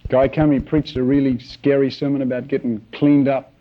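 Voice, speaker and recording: A man preaching a sermon, telling stories in an animated way with acted-out sounds. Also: mid-range voice, moderate pace, highs cut off. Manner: animated storytelling with shouted sound effects.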